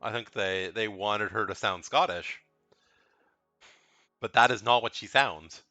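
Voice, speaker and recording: A man's voice: lowish voice, a little slow, sharp tone, no room sound, soft background music. A man giving casual, rambling commentary as he ranks video game characters, frank and blunt, often repeating himself. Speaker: video game tier list creator.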